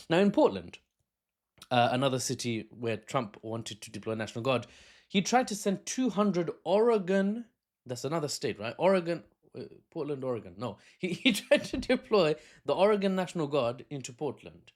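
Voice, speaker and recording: A man's voice: mid-range voice, expressive, fairly quick. A man, talking as a political analyst in an unscripted video, chatty and laughing often at his own asides, recorded on a phone camera. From Britain.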